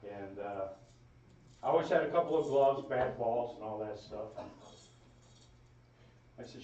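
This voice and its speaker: A man's voice: mid-range voice, lively intonation, normal speed, pauses often, darkish tone. A man giving a funeral eulogy for his brother, telling folksy, rambling family stories. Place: funeral home chapel. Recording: echoey room, distant mic, dull sound.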